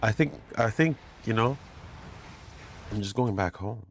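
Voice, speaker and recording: A man giving chatty, self-mocking commentary while playing a racing game, getting excited when he pulls ahead. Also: fairly low pitch, measured pace, creaky. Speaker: gamer commentating his play. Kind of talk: casual gameplay commentary. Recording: game engine noise behind voice. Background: racing game car sounds.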